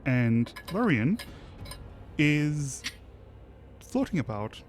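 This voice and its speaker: A man running a tabletop game, describing the scene in a relaxed, hesitant way. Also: a little high, extremely slow, soft background music. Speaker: game master.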